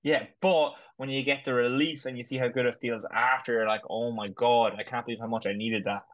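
A man talks quickly on a podcast as co-host. His speech is casual and meandering, packed with "like" and "sort of stuff". He keeps up a hurried, loose flow. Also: medium pitch, steady tone, poor audio. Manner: rambling, fillers like "like" and "sort of stuff". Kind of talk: casual chat.

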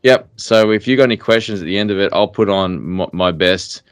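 A man's voice: lowish voice, brisk, clean tone, no echo, studio quality, faint music behind. A middle-aged man co-hosting a podcast, talking bluntly in casual chat with lots of fillers and restarts. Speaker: podcast co-host.

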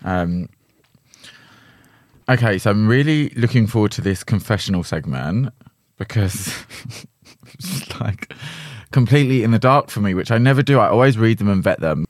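A man's voice: lowish voice, lively intonation, normal speed, no echo, clean studio sound. A young man hosting a podcast, chatting in a gossipy way, swearing freely and laughing often. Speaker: podcast host. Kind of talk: casual chat.

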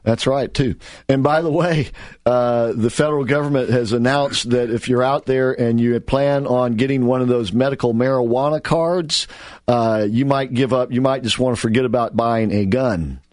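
A man's voice: mid-range voice, moderate pace, darkish tone, no room sound, studio quality. A man hosting a talk radio show, giving assertive commentary and taking calls. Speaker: radio host.

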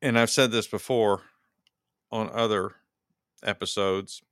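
A man's voice: lowish voice, fairly even intonation, measured pace, a bit bright, clear, resonant tone, dry recording, clean studio sound. A man hosting his own podcast, giving solo political commentary in a heated, ranting way and repeating words as he works himself up. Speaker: podcast host.

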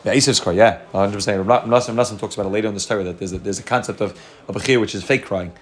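A man's voice: lowish voice, fairly even intonation, rapid-fire. A man teaching a Torah class, explaining at length with frequent restarts and Hebrew terms mixed into his English.

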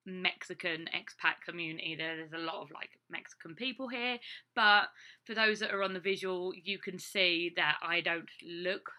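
A woman's voice: fairly low pitch, normal speed, sharp tone. A young English woman, a teacher living abroad, chatting casually with lots of fillers. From England. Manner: chatty, rambling, many fillers. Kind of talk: casual vlog talk.

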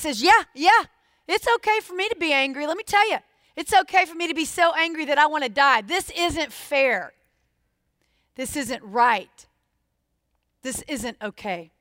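High, bright-voiced woman preaching. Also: no echo, clean studio sound. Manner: expressive, questions the listeners directly. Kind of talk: sermon.

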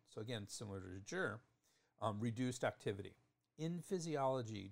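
A man teaching acupuncture terminology in a thoughtful lecture, often restarting phrases and spelling out terms. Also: medium pitch.

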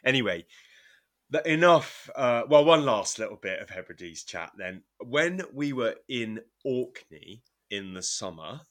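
A man's voice: mid-range voice, sing-song, a little slow, fairly bright tone. A man from Devon hosting a podcast interview in a polished, enthusiastic manner. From Devon, southwest England. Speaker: podcast host.

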